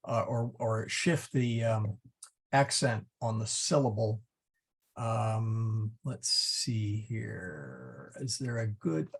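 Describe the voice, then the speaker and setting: Middle-aged guy teaching latin, slow and halting, husky gravelly voice. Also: medium pitch. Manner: halting, many fillers and restarts, chuckles often. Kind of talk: class lesson.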